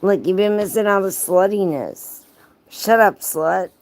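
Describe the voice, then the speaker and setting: A woman with a mid-range, slightly mellow voice speaks unhurriedly. She's a livestream host reading a racy story, stopping now and then to tease her chat by name with profane jokes and lots of laughter.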